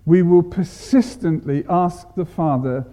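A man preaching a sermon, deliberate, repeating and stressing words to make his point. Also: fairly high pitch, mellow.

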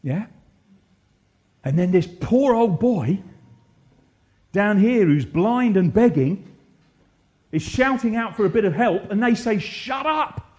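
A male preacher delivering a sermon, his voice sitting high and swooping widely as he presses his points. He keeps turning to the congregation with questions and repeats his key lines for emphasis. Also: slow, long pauses. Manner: animated, asks the congregation questions, rhetorical repetition. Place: church.

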